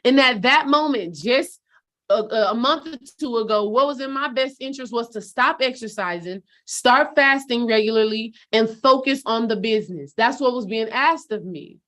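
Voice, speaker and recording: A woman's voice: on the high side, moderate pace, fairly bright tone. A woman spiritual coach giving a casual motivational talk to her followers, direct and preachy, calling them sis and baby.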